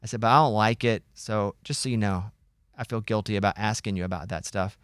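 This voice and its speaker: Animated man telling a story, dry studio. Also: lowish voice, a little fast, clear, resonant tone, no echo. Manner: animated storyteller, acts out quoted voices. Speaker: radio show host. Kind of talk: casual talk show storytelling.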